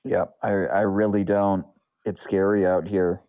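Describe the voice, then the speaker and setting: A man's voice: low-pitched, flat delivery, a little slow, dark tone, clear, resonant tone. A man playing in a tabletop game, talking in a hesitant, stammering way.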